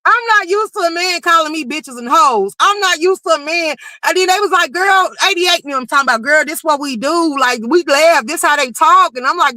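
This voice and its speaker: Woman streamer, high pitch, sharp bright voice, dry close sound, animated profane storytelling. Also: dry recording, low-quality recording. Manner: animated, profane, quick to raise her voice. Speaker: livestream commentary host. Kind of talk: casual storytelling rant.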